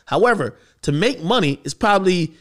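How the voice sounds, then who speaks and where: A man hosting a podcast, talking in a casual, questioning way. His voice sits fairly high and moves a lot in pitch. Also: a little fast. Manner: conversational, questioning, animated. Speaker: podcast host. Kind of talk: casual commentary.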